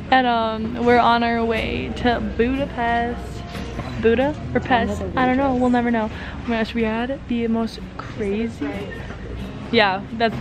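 A young woman filming a casual travel vlog on a handheld camera, bubbly and giggly, using "like" often. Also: a little high. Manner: bubbly, giggly, lots of "like" and "so cute". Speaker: travel vlogger. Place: outdoors and in restaurants while traveling. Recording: music playing underneath.

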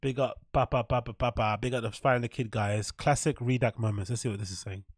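A man's voice: mid-range voice, steady tone, fairly quick, dry recording, studio quality. A man hosting a reaction video, laughing often and gleefully repeating mispronounced names. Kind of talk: reaction commentary.

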